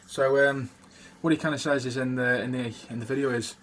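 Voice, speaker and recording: A man's voice: medium pitch, fairly even intonation, a little fast, a bit bright, a little hiss or hum. A man giving a casual spoken tutorial on doing impressions, rambling with many fillers and restarts. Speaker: video creator teaching impressions.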